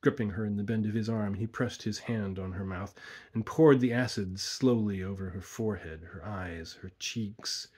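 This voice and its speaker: A man slowly reading a horror story aloud in a hushed, deliberate way. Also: lowish voice, breathy edge. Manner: slow, hushed, deliberate narration.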